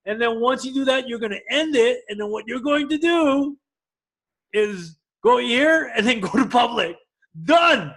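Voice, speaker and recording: A man teaching a live class to a room of people, energetic and often checking that everyone is following. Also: a little slow. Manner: energetic, swings loud and high when excited; asks the room for agreement. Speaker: class instructor.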